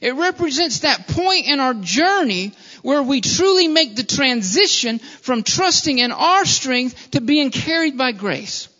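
A man's voice: very high-pitched, expressive, a little slow, few pauses, sharp tone. A man preaching a sermon in an earnest, repetitive style and often calling his listeners beloved. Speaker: pastor. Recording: dull lo-fi sound with long hall reverb.

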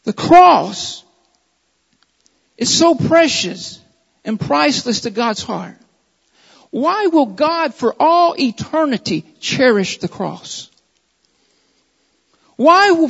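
High-voiced preacher in a reverberant hall. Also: male voice, gravelly, breathy edge. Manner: emphatic, repetitive preaching cadence. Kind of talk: sermon. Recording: dull audio with long hall reverb.

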